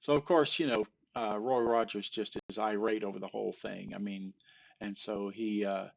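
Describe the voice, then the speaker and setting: An older man tells groaners in a loose, halting way, with plenty of fillers and restarts and a shrug whenever he botches a punchline. His voice has a gravelly fry to it, and the recording sounds dull and lo-fi. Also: on the low side, fairly even intonation. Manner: rambling, halting delivery with many fillers and restarts; self-deprecating, laughs off flubbed punchlines. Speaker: joke teller. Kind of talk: casual joke telling.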